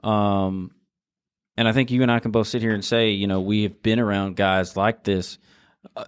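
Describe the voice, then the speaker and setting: A man hosting an interview, talking candidly with frequent pauses and fillers. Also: fairly low pitch, little pitch movement, clean tone, no echo. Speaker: podcast host. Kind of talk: casual interview commentary.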